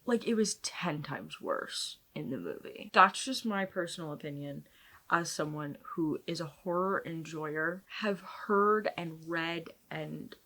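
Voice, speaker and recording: A woman's voice: deep voice, unhurried, sharp tone. A young woman vlogging at home late at night, ranting in exasperation about a book, laughing often and sometimes dropping to a whisper. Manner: drops into whispers. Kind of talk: casual reading vlog to camera.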